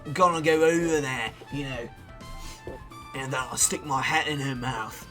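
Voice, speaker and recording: A man's voice: medium pitch, steady tone, normal speed, over music, pitched below the performer's own voice, close to an everyday voice. A man putting on an Australian accent to voice a jovial outback bloke during game commentary. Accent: put-on Australian.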